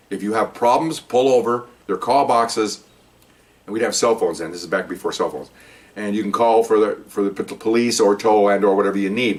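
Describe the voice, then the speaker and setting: A man's voice: fairly low pitch, recorded from a distance. An older man, a retired police officer, telling a story from his career in a casual, rambling way, often repeating and restarting words.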